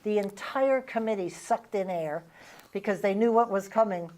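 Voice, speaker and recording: A middle-aged woman with a Vermont accent hosts a relaxed interview. She talks conversationally, recalls old stories and laughs readily. Her pitch sits in the middle range for a woman. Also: normal speed. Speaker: host and former legislator. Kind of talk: casual interview chat.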